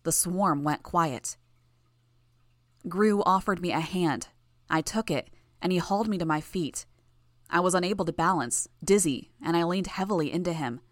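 Female narrator, lower register, dry studio sound, measured tense read. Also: dry recording. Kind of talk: scripted first-person fiction narration.

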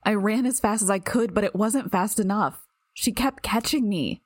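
A woman's voice: medium pitch, moderate pace, no room sound, clean studio sound, pitched above the performer's own voice, lightly acted. A woman voicing an injured young woman who trembles with self-pity and lashes out in anger, in an audiobook reading. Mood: anguished. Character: anguished, bitter young woman, injured and cornered.

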